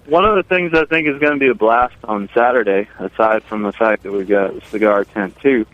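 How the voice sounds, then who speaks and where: A man's voice: fairly low pitch, fairly quick, no room sound. Man on a tinny phone line. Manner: laid-back, plain-spoken, many fillers. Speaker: brewer and festival organizer, phone guest. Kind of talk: casual radio chat. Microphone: telephone.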